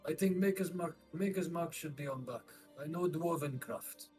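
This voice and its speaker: Guy putting on a pushy adventurer voice, a bit higher than his own, clipped and blunt, faint music behind. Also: normal speed, a little mellow, lightly acted. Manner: clipped speech dropping little words.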